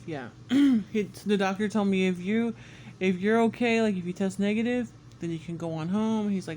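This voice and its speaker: A man vlogging a casual story about being sick, animated and swearing often, acting out what people said. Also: high-pitched, a little fast, a little hiss or hum. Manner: animated, swears often, acts out quotes with squeals. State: congested and sick.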